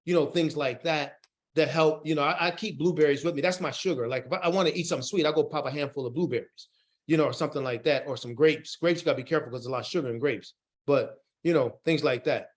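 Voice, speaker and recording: A man presenting an online workforce training session, animated, folksy and encouraging. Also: on the high side, quick pace. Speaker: workshop facilitator.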